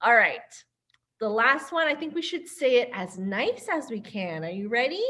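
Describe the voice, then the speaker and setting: A woman's voice: a little high, big pitch swings, normal speed, fairly bright tone. A woman hosting a virtual children's storytime as a librarian, upbeat and sing-song, speaking to little kids and their caregivers over a computer mic.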